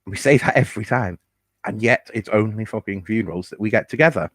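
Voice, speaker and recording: Man, lowish voice, dry close mic, casual podcast storyteller with fillers and swearing. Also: brisk, fairly bright tone, dry recording. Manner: chatty and candid, with fillers and swearing. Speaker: podcast host.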